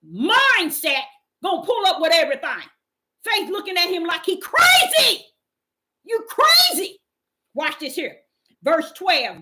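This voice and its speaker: A woman's voice: extremely high pitch, bright, forceful tone. A woman, preaching an informal, fervent sermon and reading Bible verses aloud. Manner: fervent, call-and-response exclamations, Bible reading. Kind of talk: informal street-style sermon.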